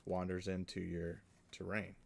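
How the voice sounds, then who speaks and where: A man running a tabletop game as game master, describing the scene in a slow, halting way. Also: deep voice, completely flat delivery, creaky, a little hiss or hum.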